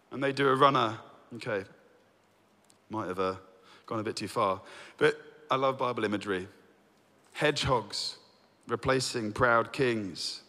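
A man teaching through a Bible book, reading verses aloud and telling it with lively storytelling. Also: mid-range voice, a little slow, long pauses. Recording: long reverb.

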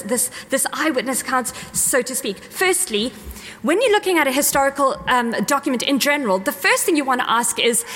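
A woman's voice: a little high, a bit bright, in a large hall. A woman giving an earnest, enthusiastic talk on faith to a live audience, often correcting herself mid-sentence.

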